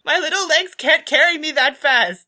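A woman voicing a small, frightened male creature with squeaky, panicked cries in a tabletop game. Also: moderate pace, sharp tone, no room sound.

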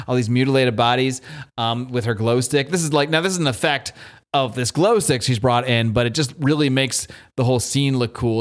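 Male podcast co-host, mid-pitch, casual and animated recap voice. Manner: animated retelling, acts out quotes. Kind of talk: casual comic book discussion.

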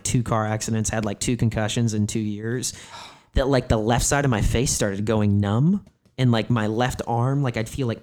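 In conversation as a comedian guest, a man in his thirties swears a lot and fills his rambling, candid stories with "like." He has a mid-range, darkish-toned voice.

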